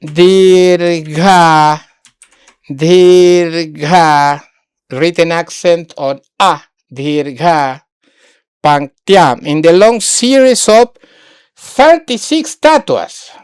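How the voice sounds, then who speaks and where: Teaching an online Sanskrit lesson, a woman speaks in a fairly low, smooth voice with a darkish tone. She thinks aloud while working on screen, pausing, repeating herself, and frequently restating words in Spanish, and the sound is clean studio audio with no room sound.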